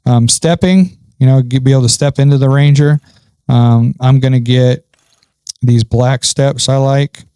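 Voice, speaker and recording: Chill guy doing gameplay commentary, warm mellow tone, kinda rambly. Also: medium pitch, a little slow, clear, resonant tone, no echo. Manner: relaxed, thinking aloud with many ums. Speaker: gaming channel host.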